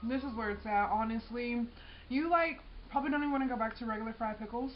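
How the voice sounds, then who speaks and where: A young woman with a high voice chats through her home cooking video, loose and slangy, stopping to taste and react between sentences. The sound is a little dull, with a faint hiss behind her. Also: fast talker. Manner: chatty, slangy, tasting food while talking. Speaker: cooking vlogger. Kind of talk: casual cooking vlog talk.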